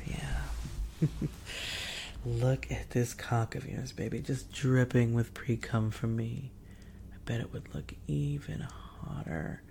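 A woman in a whispered role-play, taking her time over every phrase and slipping into a gravelly fry. She teases and gives orders, with soft laughs between lines. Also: very deep voice, slight background noise. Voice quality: often whispered. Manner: teasing, commanding, laughs softly. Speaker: audio role-play performer.

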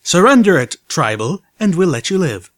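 A man voicing a gruff, commanding mare who leads an armored squad and speaks insistently. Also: a little high, big pitch swings, normal speed, fairly bright tone, no echo, studio quality, voice pushed up.

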